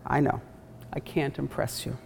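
A woman's voice: a bass voice, fairly even intonation, normal speed, gravelly, a little mellow, heavily acted. A woman voicing a courteous, self-deprecating older male butler in a read-aloud story. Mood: rueful. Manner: formal, wry. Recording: echoey hall, faint background noise.

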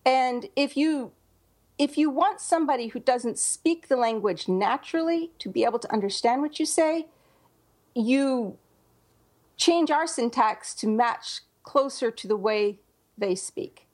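Chatty woman podcast co-host, higher voice. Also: expressive, measured pace, darkish tone. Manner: chatty, thinks aloud with many fillers and restarts. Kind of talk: casual podcast chat about writing.

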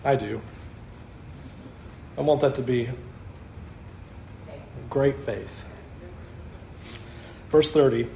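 A man preaching a sermon, animated, acting out the scene with small laughs. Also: medium pitch, extremely slow, vocal fry, long pauses, reverberant, a little hiss or hum. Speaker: pastor.

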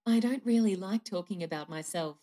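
A woman's voice: mid-range voice, a little fast. A synthetic female voice assistant with an Australian accent answering questions politely from a phone speaker. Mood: dry. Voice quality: synthetic, even. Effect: phone speaker playback.

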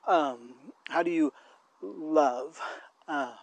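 A co-host with a creaky, higher-pitched male voice chats casually about faith and love while walking outdoors. He rambles and halts, restarting his sentences often.

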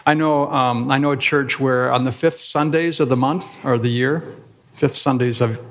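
A man, a pastor, teaching an adult Sunday school class in a deliberate way, stressing words in short listed phrases and asking rhetorical questions. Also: mid-range voice, fairly even intonation.

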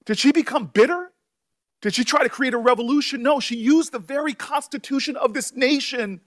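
Emotional, halting high-voiced man. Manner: emotional, halting, repeats words. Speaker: senator. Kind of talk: emotional speech at a hearing.

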